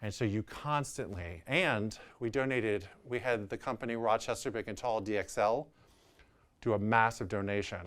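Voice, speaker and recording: In a lowish voice at a moderate pace, a thirtysomething real estate agent from New Orleans, judging by his accent, candidly relates a personal tale. He animates it by imitating the voices of those he quotes.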